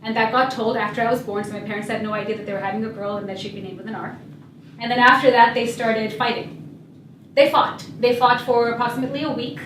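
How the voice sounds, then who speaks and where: A young woman in a storytelling talk speaks with a high, bright-pitched voice and a humorous, lively delivery. She sounds set back from the mic in an echoey hall, with faint room ambience behind her. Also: fast, distant mic, a little hiss or hum. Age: young adult. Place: event hall.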